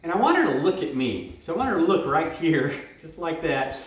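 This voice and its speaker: A man teaching dog training in a casual, rambling way, switching into high excited praise for the dog. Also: fairly quick, a little hiss or hum. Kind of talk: casual hands-on instruction. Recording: very echoey room, mic at a distance.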